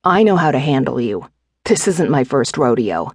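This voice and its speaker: A woman narrator voicing a cocky, teasing adult husband in an audiobook, speaking softly and confidently. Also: medium pitch, big pitch swings, moderate pace, slightly rough, no echo, clean studio sound. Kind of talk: audiobook character voice.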